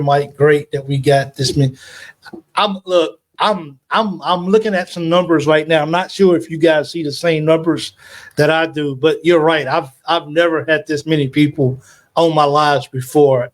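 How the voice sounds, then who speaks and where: Emotional man hosting a fan live stream. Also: a little high. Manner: rambling, halting, with many fillers and restarts. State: emotional, near tears. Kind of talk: casual live-stream chat. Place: home, at night.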